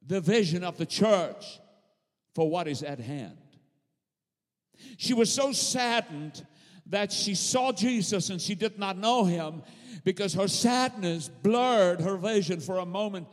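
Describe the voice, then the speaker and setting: A man preaching a sermon with fervent, rhythmic repetition and drawn-out emphatic phrases. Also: sits high, lively intonation. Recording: long hall reverb.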